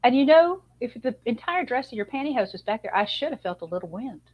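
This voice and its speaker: A woman guest, an image consultant and author, telling a lively personal story on a video call. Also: on the high side, quick pace, husky, lo-fi sound. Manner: chatty, animated storyteller with a laugh.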